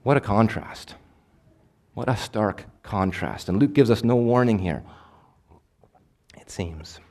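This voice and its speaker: A man preaching a sermon, swinging between emphatic, louder passages and hushed, quiet ones. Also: fairly low pitch, animated, slow. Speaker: pastor.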